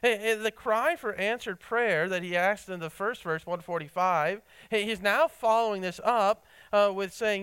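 A man's voice: clear, resonant tone, dry recording, low-quality recording. Earnest preacher man, stammering restarts. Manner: earnest, halting with many repeated words and fillers; rises in pitch and force when stressing a point, drops low and quiet when reflecting. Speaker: pastor. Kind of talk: sermon.

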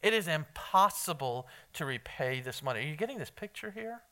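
Male preacher, high bright voice, crisp and clean, chatty and emphatic, quizzes the room. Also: lively intonation, a little fast. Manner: conversational, quizzes the congregation, emphatic. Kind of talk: evening sermon with Bible reading.

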